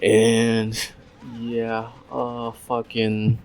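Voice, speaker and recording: A man's voice: mid-range voice, monotone, drawn-out words, a little mellow, rough recording. A man telling a crude story in a casual, rambling way, full of swearing and filler words, while gaming at home. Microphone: desk USB microphone. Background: faint noise and mouse clicks.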